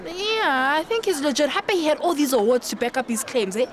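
A young woman with a South African accent playing an eager teenage girl who dreams of TV fame, talking fast and pleading. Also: high voice, sing-song, crowd noise. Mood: determined. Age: young adult. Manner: fast, pleading, mixes languages.

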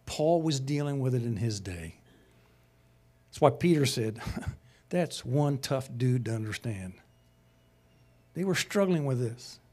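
A man's voice: mid-range voice, animated, unhurried, pauses often, darkish tone. A man teaching a sermon-style lesson, conversational and passionate, rising to emphatic peaks. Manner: conversational asides, chuckles.

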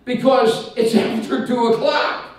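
Male evangelist, folksy animated storyteller, high voice, heard from a distance in a very echoey church. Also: measured pace. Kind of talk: sermon testimony storytelling. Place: church sanctuary.

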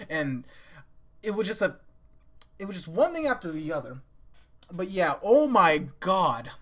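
A woman hosting an anime reaction video, swearing freely and shouting strings of "no" when upset. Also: low voice. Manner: loud, swearing, repeats "no" and "nah" in bursts. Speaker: anime reaction channel host. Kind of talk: live reaction commentary.

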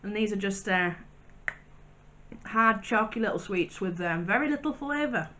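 A woman talks through a pile of snacks in a casual vlog, chatty and wry, dropping dry little asides as she goes. Her voice sits at an ordinary middle pitch, and a faint hiss runs under the recording. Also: animated, normal speed, pushed and bright, dull audio. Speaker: vlogger.

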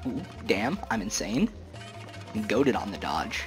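Young dude doing game commentary, jokey and hyped, lively up-and-down voice, game music faint behind. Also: male voice, lowish voice, measured pace. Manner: slangy, joking, excitable, says "bro" a lot. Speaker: gaming channel host. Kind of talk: casual let's-play commentary.

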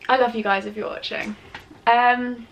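A teenage English girl talks straight to her camera in a relaxed Q&A vlog. She rambles, giggles and wanders off topic. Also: a little high, normal speed, dull audio, slight background noise. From England. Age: teens. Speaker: vlogger. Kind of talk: casual Q&A vlog. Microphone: camera mic with ring light setup.

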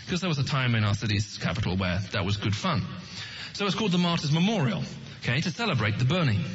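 Man, husky voice, earnest evangelistic speaker, asks audience questions, muffled lo-fi sound. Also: mid-range voice. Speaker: Christian apologetics speaker.

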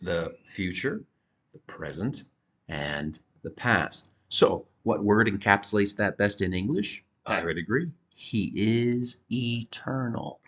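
Slow, deep-voiced man teaching Scripture. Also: expressive, a bit bright. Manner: slow, deliberate explaining with halting restarts. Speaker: church teacher. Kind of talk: slide-based Bible lesson. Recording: dull lo-fi recording.

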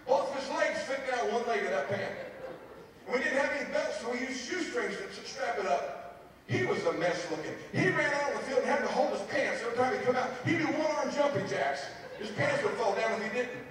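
High-voiced pastor telling a story in an echoey hall. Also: male voice, a little fast, slight background noise. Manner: animated, humorous storytelling. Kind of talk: storytelling sermon. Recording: echoey hall, mic far off.

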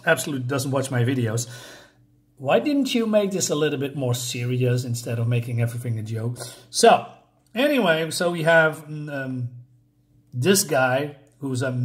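A slightly high-voiced man talks through a comic issue in a loose, offhand way. He wanders into tangents, fills gaps with ums and uhs and chuckles at his own remarks. The delivery is casual and unscripted. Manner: rambling and digressive, with frequent fillers and chuckles. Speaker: comic book reviewer.

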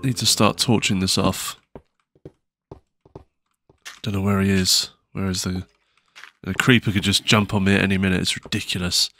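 A man's voice: low-pitched, level tone, normal speed, long pauses, pushed and bright, slight background noise. Jumpy man commenting on gameplay. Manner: jumpy, nervous exclamations, self-mocking. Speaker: gaming channel host.

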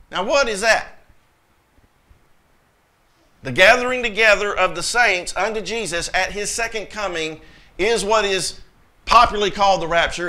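A man's voice: high voice, sharp tone. A man preaching a sermon as pastor, emphatic, with sudden bursts and scripture quoted in a raised voice.

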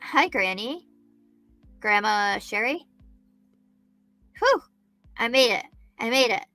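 Chatty woman with a gravelly edge. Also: a little high, animated, slow pace, pushed and bright, soft background music. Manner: chatty, thinks aloud, greets viewers by name. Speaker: true crime livestream host. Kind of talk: live-stream chat, reading news aloud.

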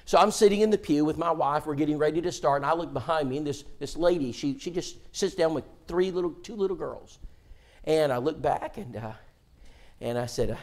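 A male preacher tells a story from the pulpit in a church, his voice set high and swinging widely in pitch. He acts out each exchange with animated energy. He stumbles and restarts phrases as he goes. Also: fairly quick. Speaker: preacher, guest seminar speaker. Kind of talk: sermon storytelling.

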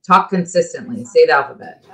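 A woman's voice: sits low, animated, a little fast, poor audio. A woman co-hosting a podcast from home on headphones and a microphone, chatting casually with teasing, bossy comebacks. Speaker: podcast co-host. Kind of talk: casual chat. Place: at home, on a remote call.

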